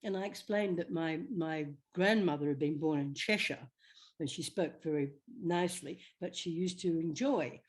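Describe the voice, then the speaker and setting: A woman's voice: low voice, normal speed. Chatty older woman telling stories. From Australia. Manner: chatty, animated, slips into quoted voices. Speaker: interview guest, actress. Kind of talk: anecdotal storytelling.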